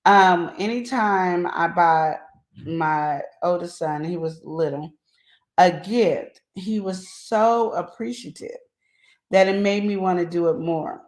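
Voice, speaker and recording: A middle-aged woman co-hosting a relationship advice show, chatting casually and telling stories with drawn-out emphasis. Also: on the low side. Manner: animated storyteller, drawn-out emphatic phrasing. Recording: roomy echo.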